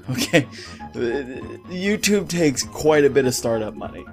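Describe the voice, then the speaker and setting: Brief: male gaming vlogger, mid-range pitch, heated profane rant, studio mic, soft music underneath. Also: lively intonation, measured pace. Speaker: gaming YouTuber. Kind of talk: ranting vlog commentary. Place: home recording setup. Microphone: studio mic with pop filter.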